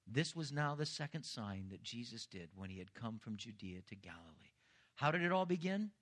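A man's voice: mid-range voice, sing-song, normal speed, fairly bright tone. A middle-aged man preaching a sermon as pastor, earnest and rising to emphatic intensity.

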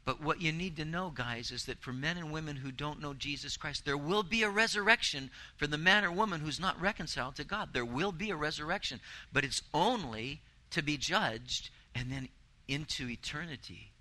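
A man's voice: a little high, moderate pace, bright, forceful tone, poor audio. A man preaching a sermon, earnest and emphatic, building intensity with repeated phrases. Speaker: pastor.

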